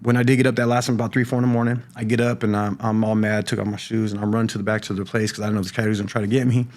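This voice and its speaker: A middle-aged man giving a personal testimony on a podcast, talking in a halting way with many restarts and repeated words. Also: lowish voice, level tone, darkish tone. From California. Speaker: podcast guest sharing recovery story. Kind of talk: personal testimony, casual talk.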